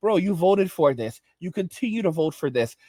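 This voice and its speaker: A man's voice: sits high, lively intonation, moderate pace, dark tone, dry recording. A male host delivering an angry, emphatic rant, repeating his points over and over. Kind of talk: ranting commentary.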